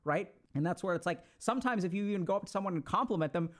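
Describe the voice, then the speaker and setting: A man giving casual motivational advice in an animated, coaching way with slangy asides. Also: sits high, rapid-fire, hardly any pauses. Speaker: self-help speaker.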